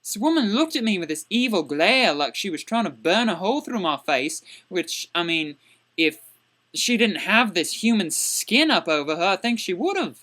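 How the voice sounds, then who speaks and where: A woman's voice: mid-range voice, sing-song, normal speed, a bit bright. A woman playing a crude, indignant young man who rants exasperatedly in a comedic character vlog.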